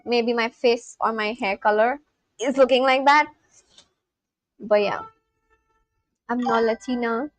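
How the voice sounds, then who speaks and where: High-voiced gushing woman streamer. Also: takes it slowly, long pauses, dry recording. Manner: gushing, excitable, talks to chat. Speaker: livestreamer. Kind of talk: casual livestream chat.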